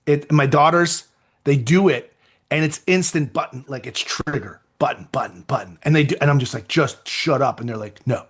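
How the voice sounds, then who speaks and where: A man coaching real estate agents in an energetic, conversational motivational talk with self-deprecating asides. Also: fairly high pitch, normal speed, husky.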